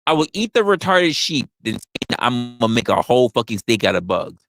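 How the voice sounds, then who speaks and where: A man's voice: mid-range voice, very animated, a little fast, creaky, a bit bright. A man hosting a talk show, ranting in a profane, emphatic way and repeating his points. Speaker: podcast host. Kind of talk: opinionated casual rant.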